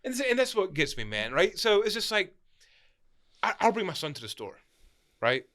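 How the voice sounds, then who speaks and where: A young man who owns a shop, telling stories in a casual chat, animated and laughing, tagging his sentences with "right?". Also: sits high, moderate pace. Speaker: store owner, podcast guest.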